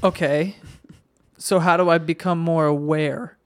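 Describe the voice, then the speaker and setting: A man's voice: on the high side, steady tone, a little slow. A man hosting a casual podcast, teasing his guest in a wry way. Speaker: podcast host. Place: podcast studio in Queens.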